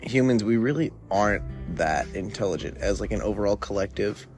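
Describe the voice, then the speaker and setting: Stoned from smoking weed, a young podcast host with a low, darkish voice talks alone at a brisk, animated pace. He wanders casually between ideas, relaxed and rambling, leaning heavily on filler words while soft music plays beneath him.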